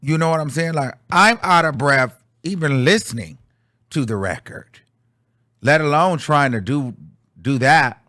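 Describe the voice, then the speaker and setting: A man's voice: fairly high pitch, expressive, measured pace, sharp tone, no room sound, clean studio sound. A young man giving candid, chatty commentary on a song, with frequent fillers and restarts. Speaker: music commentator. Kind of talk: casual commentary.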